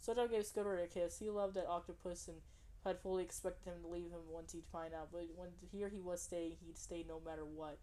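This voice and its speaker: A woman's voice: on the low side, steady tone, brisk, dark tone. A woman reading fan fiction aloud, stumbling over names and correcting herself with amusement. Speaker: reader.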